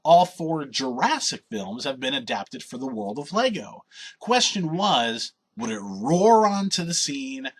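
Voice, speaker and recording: A man's voice: on the high side, a bit bright, slightly rough. A man reading a scripted video game review in an opinionated, wry and sardonic way.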